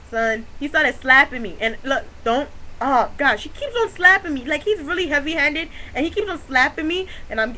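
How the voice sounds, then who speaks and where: A young woman telling a funny story to her camera in casual slang, excitable and often breaking into laughter. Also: high-pitched, a little hiss or hum, poor audio. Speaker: vlogger.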